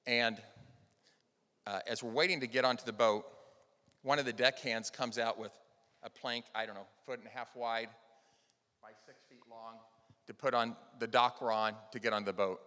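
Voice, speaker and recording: A man delivers a motivational keynote in a large event hall, his stage-mic voice ringing with a long reverb tail. He talks with earnest storytelling energy, punching some lines loudly and letting others fall quiet. His pitch sits in an ordinary middle range for a man. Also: fairly even intonation, normal speed, long pauses, clean tone. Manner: earnest storytelling, swings between loud emphasis and soft hushed lines. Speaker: conference speaker.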